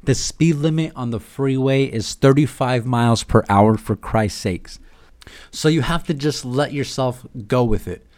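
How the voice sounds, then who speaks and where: A man's voice: medium pitch, a little slow, darkish tone. Swearing, rambling man host. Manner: irreverent, swearing, rambling storyteller. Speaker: podcast host. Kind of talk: casual comedic monologue.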